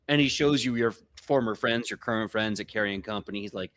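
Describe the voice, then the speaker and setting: A man's voice: on the low side, fairly quick, few pauses. Easygoing man running a tabletop game. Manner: relaxed, casual narration with fillers. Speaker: game master. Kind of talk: narrating a live tabletop game.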